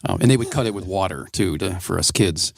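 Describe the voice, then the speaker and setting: A man's voice: deep voice, lively intonation, brisk, vocal fry, dry recording. A man in his sixties from Wisconsin, a guest winemaker chatting wryly and telling rambling stories in a radio studio interview. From Wisconsin, USA. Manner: chatty, wry, rambling anecdotes. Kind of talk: casual radio interview storytelling.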